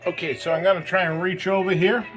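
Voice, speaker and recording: A man's voice: high voice, level tone, quick pace, music in the background, low-quality recording. A man from New England giving a casual, rambling tour of his model railroad layout, with plenty of fillers, filmed on a handheld phone at home. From New England, USA. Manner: rambling, plain-spoken, lots of fillers. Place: home train layout room.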